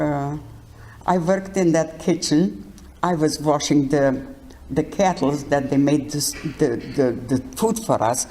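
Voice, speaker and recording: An older woman giving her life testimony in an interview, speaking haltingly and often restarting words. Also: low voice, dark tone. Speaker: Holocaust survivor interviewee.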